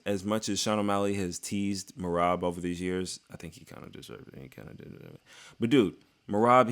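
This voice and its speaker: A man giving a casual, excitable fight recap on his channel, joking and talking in slang. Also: fairly low pitch. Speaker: MMA YouTuber.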